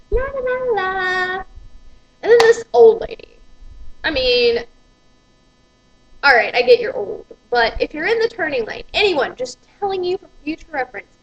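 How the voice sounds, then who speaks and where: A woman's voice: high voice, fairly bright tone, lo-fi sound, a little hiss or hum. A woman, ranting profanely and with exasperation in a vlog. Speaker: vlogger.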